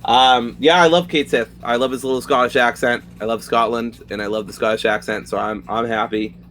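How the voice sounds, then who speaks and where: A man's voice: medium pitch, fairly even intonation, fairly quick, fairly bright tone, a little hiss or hum. A young man co-hosting a casual gaming podcast, talking with loose, enthusiastic energy and casual swearing. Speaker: podcast co-host.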